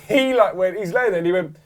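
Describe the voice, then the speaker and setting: A man's voice: sits high, moderate pace. A young man with a British accent, telling a story in casual chat, laughing as he quotes people. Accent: British English. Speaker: podcast co-host.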